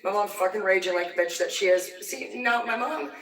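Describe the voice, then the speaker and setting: A woman rants on a livestream, foul-mouthed and heated, jumping from one grievance to the next. Her voice sits at a middling pitch. She is heard from some distance, with the echo of the room around her. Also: brisk, fairly bright tone. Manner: heated, vulgar, rambling. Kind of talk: profane angry rant on a livestream. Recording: echoey room, distant from the mic.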